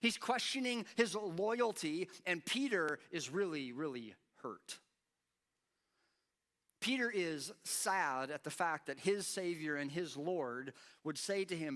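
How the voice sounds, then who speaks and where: Male pastor, higher-pitched and bright, animated sermon delivery with dramatized quotes. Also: slow pace. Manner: animated, acts out quoted lines with rising intensity. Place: church.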